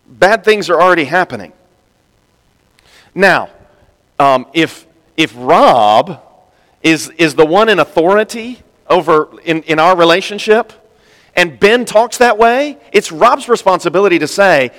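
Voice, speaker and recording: Male pastor preaching, lively, plays the voices he quotes; slightly high pitch, long hall reverb. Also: a little slow. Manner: animated, acts out quoted speakers with big pitch jumps. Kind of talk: sermon.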